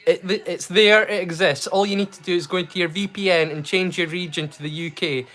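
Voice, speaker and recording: A man's voice: high voice, steady tone, fairly quick, bright, forceful tone. A man, chatting casually and rambling as he hosts a movie watch-along livestream. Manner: chatty, rambling, self-correcting. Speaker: livestream host.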